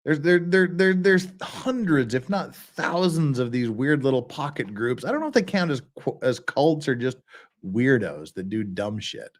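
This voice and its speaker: A man's voice: mid-range voice, lively intonation, normal speed. A man hosting a casual live stream, rambling and joking with many restarts and asides. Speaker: streamer host. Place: lives in Korea.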